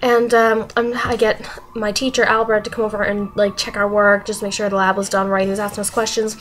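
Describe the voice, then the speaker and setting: A young woman telling stories from her week in a casual vlog, animated and laughing often. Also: medium pitch, brisk. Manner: animated, laughing often, acting out quoted voices. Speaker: vlogger.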